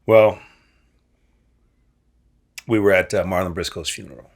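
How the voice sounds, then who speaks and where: Gravelly low-voiced man telling stories. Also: measured pace. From Nebraska, USA. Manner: animated, acts out quoted voices with big pitch jumps. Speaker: guest actor. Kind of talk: casual storytelling.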